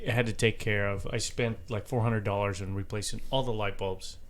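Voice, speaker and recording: A man's voice: lowish voice, steady tone, moderate pace. A man in casual podcast chat who throws in dry wisecracks and rambles through explanations.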